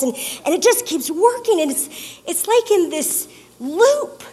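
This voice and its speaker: A woman giving an expressive, storytelling talk to an audience, drawing out her emphasis. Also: extremely high pitch, unhurried, slight background noise. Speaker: speaker. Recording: long hall reverb.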